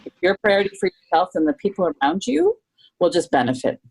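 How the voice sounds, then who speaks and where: A woman's voice: fairly low pitch, big pitch swings, quick pace, a little mellow, slightly rough, low-quality recording. A middle-aged Canadian woman, a guest on a podcast, speaking openly and reflectively and often restarting her thoughts. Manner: earnest and open, thinking aloud with restarts.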